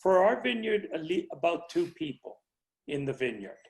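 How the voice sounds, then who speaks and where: A middle-aged man, a winery owner, chatting casually on a video call and speaking haltingly with many restarts. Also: fairly high pitch, sing-song, vocal fry, rough recording.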